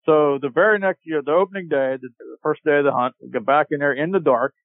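A man telling a long hunting story as a podcast guest, animated and laughing as he goes. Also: on the high side, quick pace, dry recording. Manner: animated, laughs while telling, acts out shouted quotes. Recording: tinny dry phone-line audio.

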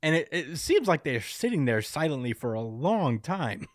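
A man in casual chat, recapping a story and acting out the characters' lines in quick voices, laughing often. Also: a little high, sing-song, no room sound, studio quality. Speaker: podcast co-host recapping a manga chapter.

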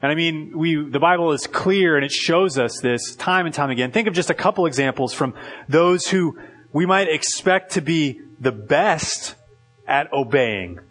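A man preaching a sermon as pastor, in a loose conversational way full of "like" and quick restarts. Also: on the high side, lively intonation, fairly bright tone.

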